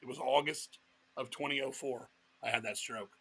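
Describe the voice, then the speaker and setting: A middle-aged man from Virginia, telling a long personal story in an interview with a blunt, profane, animated manner. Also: medium pitch, moderate pace, creaky, slightly rough. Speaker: guest musician.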